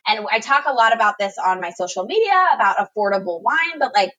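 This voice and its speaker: A woman's voice: medium pitch, animated, quick pace, a bit bright, dull audio. A woman in casual conversation, upbeat and chatty, offering friendly advice about spending, full of fillers. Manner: upbeat, chatty, calls people girl, lots of you know. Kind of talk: casual chat.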